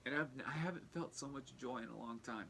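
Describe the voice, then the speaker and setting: A young man talking earnestly in a personal vlog, halting and restarting as he fights back tears. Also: medium pitch, gravelly, fairly bright tone, a little hiss or hum. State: tearful, fighting back crying. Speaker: vlogger.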